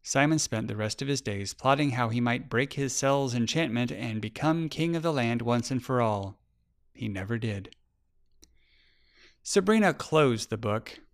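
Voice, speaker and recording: Gravelly man reading a storybook. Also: medium pitch, measured pace. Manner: expressive, lively reading. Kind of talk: storybook read-aloud narration.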